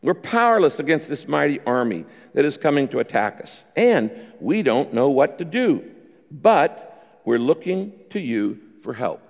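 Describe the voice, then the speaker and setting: A man preaching a sermon with a somewhat high, very lively voice that jumps up in pitch and volume for emphasis. His tone has a gravelly edge, and a long hall reverb trails behind every phrase. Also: measured pace. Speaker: pastor.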